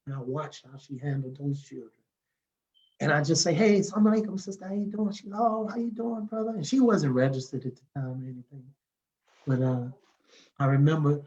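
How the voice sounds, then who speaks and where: A man, telling stories as a podcast guest in a lively, casual way and acting out the people he quotes. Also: mid-range voice, dull audio. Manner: animated, acts out the people he quotes, laughs often. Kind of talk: casual storytelling.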